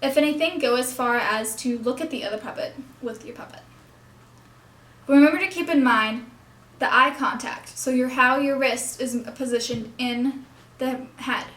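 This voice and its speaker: Her voice high and a bit bright, a young puppetry instructor moves at a moderate pace through a hands-on demonstration of puppet technique. Every so often she corrects herself, and the room around her echoes.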